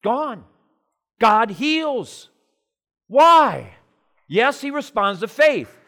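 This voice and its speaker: A man preaching a sermon with passion, climbing loud and high in his stories and then dropping low and quiet into prayer. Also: sing-song, drawn-out words.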